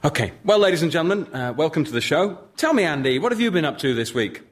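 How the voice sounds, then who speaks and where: A man co-hosting a radio comedy show as the chummy, deadpan straight man. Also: fairly high pitch, fast talker. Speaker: co-host.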